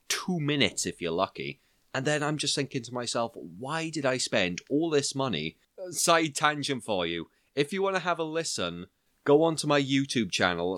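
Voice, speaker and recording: A man hosting a podcast, in lively, chatty talk that backs up his guest. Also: mid-range voice, no echo, clean studio sound. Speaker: podcast host. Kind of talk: casual chat.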